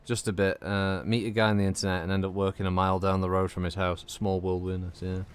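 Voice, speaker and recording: A low voice with little pitch movement, fast and smooth, belongs to a gaming streamer from Northwest England. He commentates casually on his game, his accent marking his region, with rambling, sweary banter.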